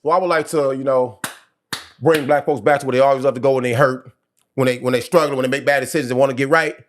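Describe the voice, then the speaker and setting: A man's voice: medium pitch, steady tone, fast. A man co-hosting a casual sports podcast, joking and swearing freely, slipping into mock preaching. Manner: joking, profane, slips into a mock preacher prayer. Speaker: podcast co-host.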